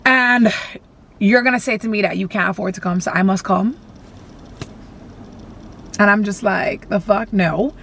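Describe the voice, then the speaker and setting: A woman's voice: mid-range voice, measured pace, vocal fry, long pauses, a bit bright, a little hiss or hum. A young woman vlogging from her car, venting bluntly and animatedly with plenty of swearing. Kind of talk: casual venting vlog.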